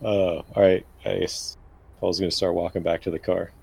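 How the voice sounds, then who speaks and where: A man's voice: sits low, level tone, moderate pace, vocal fry, a little mellow, slightly rough. A man thinking aloud hesitantly as a player in a tabletop game. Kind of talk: casual tabletop play.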